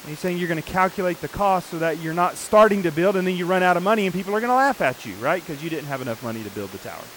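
A man's voice: high voice, expressive, very fast, hardly any pauses, a bit bright, slight background noise, low-quality recording. A man preaching a sermon, earnestly explaining scripture passages in a teaching manner.

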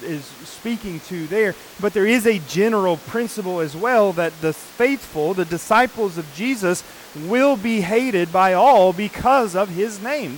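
A man's voice: high voice, slight background noise, rough recording. A man preaching a sermon, earnestly explaining scripture passages in a teaching manner.

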